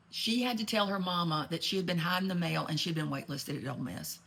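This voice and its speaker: Chatty woman, husky gossip. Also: on the low side, a little fast, hardly any pauses, fairly bright tone. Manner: chatty, gossipy, rambling asides, genteel Southern sass. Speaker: comedic storyteller. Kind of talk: comedic monologue in character.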